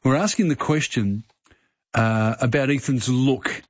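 Husky Australian radio host. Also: male voice, mid-range voice, unhurried, no room sound, muffled recording. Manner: chatty, repeats himself. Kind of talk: casual radio chat.

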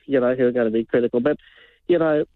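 A man's voice: mid-range voice, fairly even intonation, fast, no echo. A man calling in to a radio show, rambling casually and laughing. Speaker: caller. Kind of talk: casual phone call. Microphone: phone. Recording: tinny phone line.

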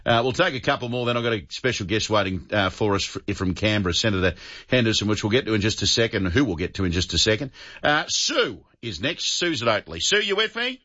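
A man with an Australian accent hosting talkback radio, jokey and quick to laugh. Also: fairly low pitch, lively intonation, sharp tone, lo-fi sound. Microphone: studio microphone.

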